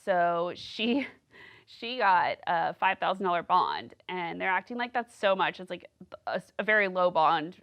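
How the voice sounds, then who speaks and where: Speaking unhurriedly in a fairly low, fairly bright voice with lively intonation, this podcast host rambles through gossip on her casual solo show. "Like" comes up constantly.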